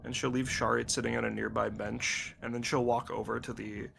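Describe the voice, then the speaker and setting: A man's voice: mid-range voice, little pitch movement, gravelly, noisy background. A man playing a tabletop game, casually describing what his character does. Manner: quick, casual, describing actions. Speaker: player.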